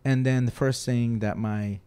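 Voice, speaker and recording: A man's voice: mid-range voice, steady tone, measured pace, dark tone, smooth. A man, a guest on a podcast, telling rambling, joking stories in casual chat with lots of fillers and restarts. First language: Spanish. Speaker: podcast guest, rock photographer and interviewer.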